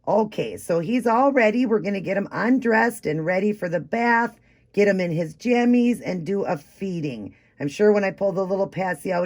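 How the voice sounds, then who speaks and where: A woman vlogging casually at home, chatty and doting as she shows off a doll. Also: on the low side. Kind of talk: casual show-and-tell vlog. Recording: steady background noise.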